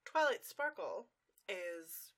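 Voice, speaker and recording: Chatty woman with a bright, forceful voice. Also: medium pitch, expressive. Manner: chatty narrator of the story, quick to act out lines. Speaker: podcast co-host. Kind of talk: casual episode recap.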